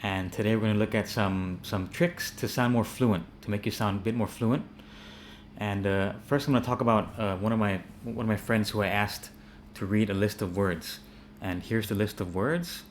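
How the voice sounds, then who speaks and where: A man with a fairly low voice and an American accent teaches pronunciation in an easygoing, unscripted way, often circling back on his words. Faint ambience hangs in the background. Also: moderate pace, slight background noise. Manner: relaxed, many fillers and repeated words. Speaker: English teacher. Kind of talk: casual spoken English lesson.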